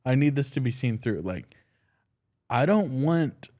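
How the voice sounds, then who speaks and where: A man's voice: medium pitch, measured pace. Young man telling a wild story. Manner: loose, swearing, excitable storytelling. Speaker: podcast co-host. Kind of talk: casual chat.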